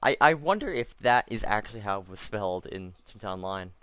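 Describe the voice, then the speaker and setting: Rambling man with a lively pitch. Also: a little fast, smooth, dry recording. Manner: rambling, self-correcting, wry asides. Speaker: gameplay commentator. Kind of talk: casual let's-play commentary.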